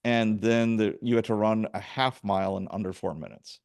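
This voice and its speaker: Man, ex-cop podcast host, low voice, dry close sound, chatty animated storyteller. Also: moderate pace, creaky, clean tone, dry recording. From Wisconsin, USA. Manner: lively storyteller who acts out quotes. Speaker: podcast host, former police officer. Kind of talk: casual interview chat.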